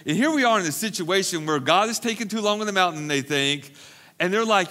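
Male pastor giving a sermon; emphatic, repeats for stress, bright and a touch high. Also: animated, fairly quick. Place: church recovery meeting.

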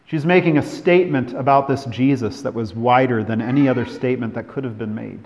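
A male pastor delivers a sermon in an even, mid-range voice, swinging between emphatic declarations and near-whispered, drawn-out lines. His words ring out with a long reverb, as if filling a large church sanctuary. He grew up in California. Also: mid-range voice. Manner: dramatic preaching, swinging from emphatic to hushed.

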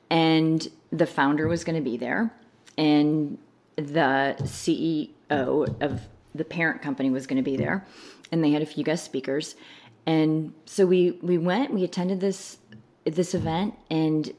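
In an unhurried, low-sitting voice, a woman recounts something that happened to her while chatting casually as a guest. She brings the story to life by voicing the people involved, laughing as she delivers their quoted lines.

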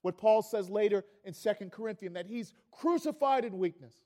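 Male pastor, high-pitched, sermon delivery that moves from hushed to loud and fervent. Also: lively intonation, brisk. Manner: storytelling preacher, builds to loud climaxes.

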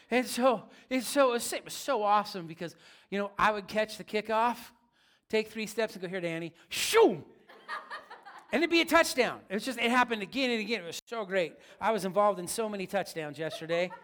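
A man's voice: sits high, a bit bright. A man preaching a sermon as pastor, in a casual, joking, conversational way.

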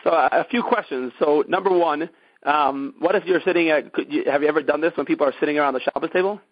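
A man hosts the conversation and asks careful, thoughtful questions, full of "um" and "uh". His voice is somewhat high for a man. The recording is muffled and lo-fi, with a dry, close sound. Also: fast, breathy edge, no room sound. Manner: thoughtful questioner with hesitant fillers. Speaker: host. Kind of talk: interview questions.

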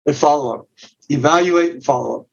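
A middle-aged podcast guest, director of a men's ministry, explains his method one step after another, restarting and repeating words often. His voice is a little high, a little fast and creaky, heard through a dull, muffled recording.

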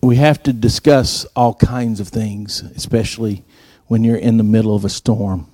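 Male preacher, storyteller, acts out dialogue, warm tone. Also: fairly low pitch, steady tone, moderate pace, no echo, studio quality. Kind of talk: sermon.

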